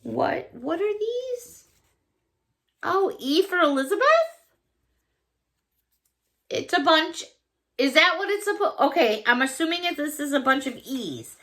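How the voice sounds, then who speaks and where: A woman from Chicago talks with a high, bright voice. She chats casually as a vlogger, gushing and laughing easily. Her delivery is slow and unhurried. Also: big pitch swings. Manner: effusive, gushing, laughs often. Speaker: vlogger opening fan mail. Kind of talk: casual chat.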